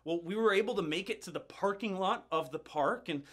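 A middle-aged man preaching, his voice sitting a little higher than most men's. He tells a personal story in an animated way, building tension and often doubling his words as he goes. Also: a little fast. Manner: animated, building tension, frequent word repeats. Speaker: pastor. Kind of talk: sermon storytelling.

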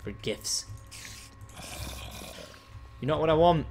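A man's voice: mid-range voice, expressive, moderate pace, a little hiss or hum. A young man hosting a gaming channel, chatting casually and teasingly while he plays, now and then frustrated. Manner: playful, teasing, swings between chatty and frustrated. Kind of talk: casual gameplay commentary.

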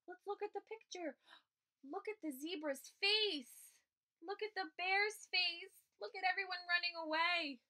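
A woman's voice: extremely high pitch, unhurried, sharp tone. A young woman teacher hosting story time for children, encouraging and sing-song.

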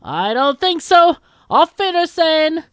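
A woman's voice: very high voice, big pitch swings, a little slow, fairly bright tone, dry recording, studio quality, voice pushed up, full character voice. A woman putting on a gloating villainess commando with a wobbly German accent.

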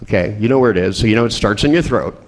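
Male seminar trainer, wildly expressive pitch, irreverent and foul-mouthed, coaching a volunteer live. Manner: irreverent, profane, joking; animated, coaching with quick instructions. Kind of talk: live workshop demonstration with a volunteer.

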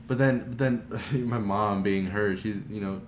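A man's voice: on the low side, normal speed, slight background noise. Rambling young man, roomy echo. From Texas, USA. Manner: rambling and animated, heavy use of "like", frequent restarts. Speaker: vlogger. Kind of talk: excited story-time retelling. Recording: roomy echoey room.

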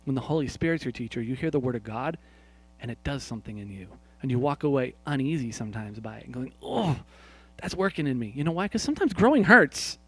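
Preaching man, hushed then forceful. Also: mid-range voice, lively intonation, fast talker, breathy edge, no echo. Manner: swings from quiet, hushed prayer lines to loud emphatic points; asks the congregation questions and speaks to people by name. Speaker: pastor. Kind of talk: sermon.

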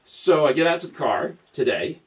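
A man telling lively stories to camera, laughing often and breaking into high squeals. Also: moderate pace, recorded from a distance, low-quality recording. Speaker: vlogger. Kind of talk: casual storytelling to camera.

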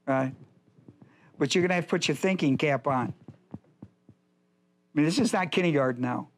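Male pastor, higher-pitched voice, emphatic Bible-class teacher who repeats his points. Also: moderate pace.

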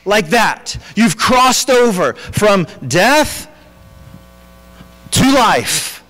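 A high-voiced pastor delivers an earnest sermon, at times restarting sentences and filling pauses, and he is very animated with a sharp tone. His voice rings through a church sanctuary with a long reverb tail.

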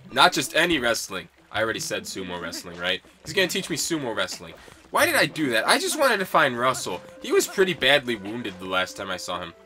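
A man's voice: mid-range voice, very animated, fairly quick, bright, forceful tone. A young man casually commenting on a video game in a playful, rambling way. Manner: playful, rambling, chuckling asides. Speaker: let's-play gamer.

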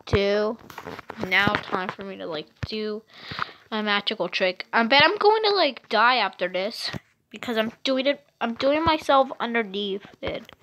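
A woman casually narrating her own video game play, chatty and excitable, rambling with lots of fillers, recorded at home. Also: medium pitch, measured pace, slight background noise. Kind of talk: casual gameplay commentary.

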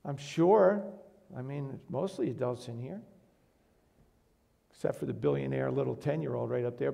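A man's voice: fairly high pitch, gravelly, dark tone. A man preaching a sermon to a congregation in a church, earnest, asking the room questions and rising to emphatic bursts. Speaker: pastor.

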